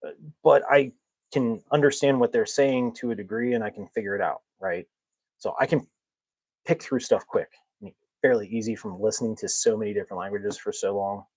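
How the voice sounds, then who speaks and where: A man's voice: fairly low pitch, brisk, darkish tone, no room sound, poor audio. A man hosting a casual podcast chat, rambling from one story to the next, chuckling often and poking fun at himself. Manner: rambling, chuckles often, self-mocking humor. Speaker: podcast host.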